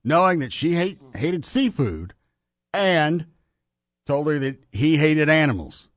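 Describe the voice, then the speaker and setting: A man's voice: fairly high pitch, sing-song, slow pace, no echo, clean studio sound. A man hosting a radio call-in show, teasing his co-host and callers with playful banter.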